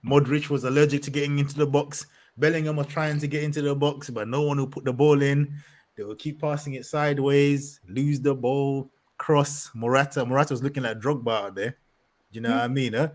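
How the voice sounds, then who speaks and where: A man's voice: medium pitch, fairly quick. Young man ranting on a football podcast. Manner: animated, laughing, street slang, rants at length. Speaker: podcast co-host. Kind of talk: casual football podcast rant.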